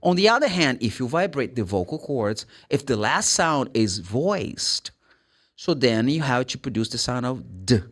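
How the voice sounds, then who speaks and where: A man with a Brazilian accent gives an English pronunciation lesson in a lively, swooping voice. He spells out letters and repeats their sounds one by one. His voice sits at an ordinary pitch for a man. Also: a little slow. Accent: Brazilian Portuguese. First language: Brazilian Portuguese. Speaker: English teacher.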